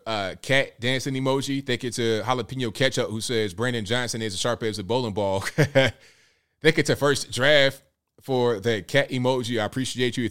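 A man's voice: medium pitch, clean tone. A man hosting a live call-in show, reading out viewer comments and taking calls in an upbeat way. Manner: upbeat, reads out viewer comments and shout-outs. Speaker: show host.

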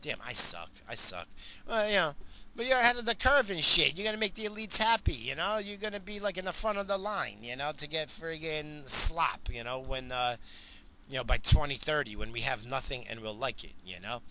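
A middle-aged man tells a story straight to camera in a loose, rambling monologue. He swears freely and keeps laughing at his own tale. His voice has a very bright, sharp edge to it. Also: a little high, lively intonation, fairly quick, slight background noise.

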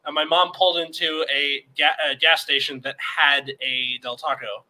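A man co-hosting a podcast in casual chat, telling a story with animation and yelling out the quoted lines. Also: fairly high pitch, little pitch movement, normal speed, rough recording. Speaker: podcast co-host.

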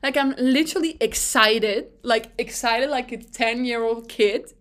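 Giggly, slow-talking young woman podcaster. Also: on the high side. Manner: gushing, giggly, rambling with restarts. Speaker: podcast host. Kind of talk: casual solo podcast chat.

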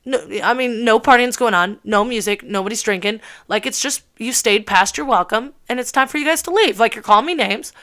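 A woman in her early twenties telling a personal story in a casual, animated way, full of swearing and filler words. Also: a little high, fairly quick, few pauses. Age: early 20s.

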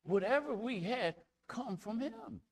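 A male pastor preaches slowly and expressively, his pitch swinging widely between ringing declarations and hushed near-whispers. He reads scripture aloud in King James wording and repeats words for emphasis.

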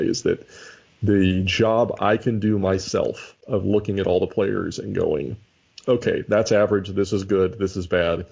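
A podcast co-host with a low, dark, husky voice and vocal fry chats casually about a baseball sim league, thinking aloud and often restarting sentences. The audio is dull and lo-fi.

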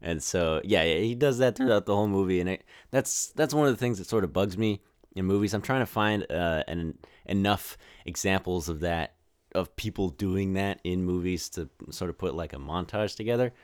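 A man's voice: low voice, normal speed, darkish tone, no room sound, clean studio sound. A man hosting a podcast, giving a casual, rambling movie review with lots of restarts. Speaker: podcast host.

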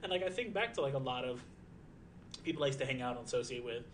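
A man's voice: medium pitch, expressive, fast talker, slight background noise. Rambling, profane young streamer guy. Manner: rambling, profane, lots of fillers. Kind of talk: casual chat.

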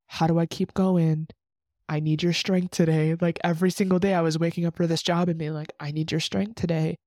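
Earnest young woman, flat mellow voice. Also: lowish voice, dry recording. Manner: earnest, rambling, many restarts and "like". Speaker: faith podcast host. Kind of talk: personal faith reflection, unscripted.

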